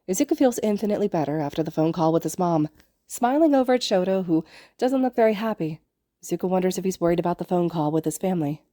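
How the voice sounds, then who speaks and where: Mellow-voiced woman reading a story. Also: on the low side, expressive, quick pace, dry recording, studio quality. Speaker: podfic reader. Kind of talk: fanfiction read aloud.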